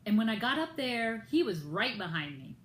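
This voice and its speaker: A woman's voice: fairly high pitch, sing-song, normal speed, reverberant, poor audio. An American woman telling a personal story in a vlog, retelling it with indignation and acting out others' lines in raised voices. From United States. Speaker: vlogger.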